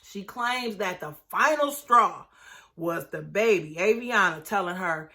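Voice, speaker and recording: A woman's voice: mid-range voice, expressive, unhurried, bright, forceful tone. A woman casually recapping a reality TV episode, chatty and exclamatory, acting out what the people said. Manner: chatty, exclamatory, acts out quotes in dropped voices.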